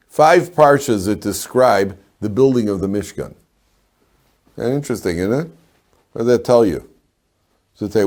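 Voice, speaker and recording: Animated rabbi teaching a class. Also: male voice, fairly low pitch. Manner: animated, rhetorical questions and jokes to the class. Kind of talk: Torah class lecture. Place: classroom with live students.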